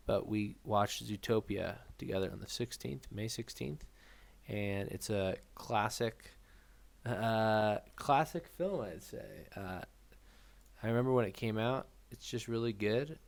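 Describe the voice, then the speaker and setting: A tired man co-hosting a film podcast, talking quietly and casually. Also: on the low side, takes it slowly, gravelly. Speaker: podcast co-host. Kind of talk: casual chat.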